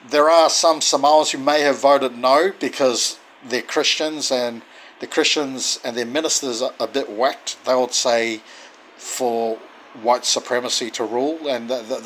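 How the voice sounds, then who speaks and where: A man's voice: medium pitch, fairly bright tone, slight background noise, low-quality recording. Indignant man ranting. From Australia. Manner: indignant, emphatic, repeats words. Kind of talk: casual monologue to camera.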